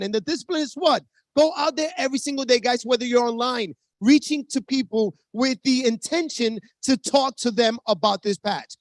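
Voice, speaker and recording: A man speaking as a network marketing distributor, giving an urgent motivational pitch with stories and often calling the audience guys. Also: no echo.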